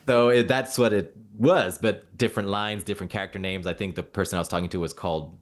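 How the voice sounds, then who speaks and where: Actor guest from Mauritania: a low-voiced man, lively anecdotes, acts out the dialogue. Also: fast talker. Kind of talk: casual interview storytelling.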